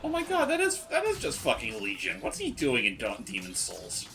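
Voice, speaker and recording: A man bantering and joking as a co-host on a game stream, with excited reactions. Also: mid-range voice, moderate pace, slight background noise. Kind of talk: casual banter.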